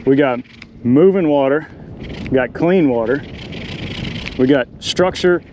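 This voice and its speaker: A man, chatting excitedly to the camera while fishing in a marsh from a small boat. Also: mid-range voice, takes it slowly, lo-fi sound, a little hiss or hum. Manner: excitable, talks to the animals and the viewers. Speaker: fishing vlogger. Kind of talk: casual running commentary while fishing. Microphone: action camera mic.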